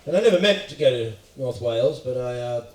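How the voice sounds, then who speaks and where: An Australian man performing stand-up, swearing freely as he rants through a story. His voice sits in the middle of the male range and sounds a little distant from the mic. The room adds a clear echo around him. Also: mid-range voice, animated, a little fast, a little mellow, slight background noise. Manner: profane, ranting storytelling with mimicked voices. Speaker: stand-up comedian. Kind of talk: stand-up routine. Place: live comedy venue. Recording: echoey room, from far off.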